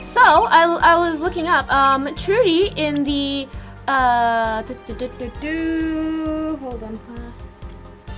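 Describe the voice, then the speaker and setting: A woman streaming a game and chatting casually, bubbly and quick, cooing now and then. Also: high-pitched, a bit bright, faint music behind. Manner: bubbly, fast, coos at pets. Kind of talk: casual let's-play chat.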